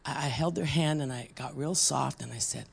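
Gravelly-voiced woman preaching a sermon. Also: a bass voice, normal speed. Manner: conversational, asks the room questions; acts out quoted voices.

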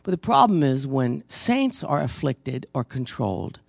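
A man teaches in a conversational, storytelling way, pressing hard on his key points and stumbling into restarts as he goes. His voice has a gravelly texture. The recording is close and dry. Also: medium pitch, big pitch swings, normal speed, dry recording. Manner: emphatic, storytelling, frequent restarts. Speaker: preacher.

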